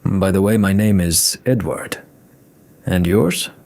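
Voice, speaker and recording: A man's voice: sits low, takes it slowly, gravelly, darkish tone, full character voice. A man voicing a polite, talkative male train passenger with an ominous edge and an oddly formal way of speaking.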